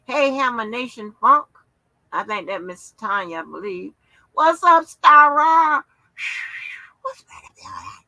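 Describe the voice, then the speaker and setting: A tired woman hosts a casual livestream, chatting loosely with viewers, swearing freely and filling her talk with fillers. Her voice sits on the high side, very animated, pushed and bright, at a measured pace, in a dry, rough recording.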